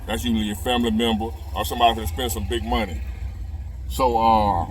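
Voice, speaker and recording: A man's voice: fairly low pitch, fairly even intonation, a little fast, slight background noise. A middle-aged man, telling a relationship story to his viewers in a folksy, drawling way. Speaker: relationship advice video host. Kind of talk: casual storytelling monologue. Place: inside a parked car.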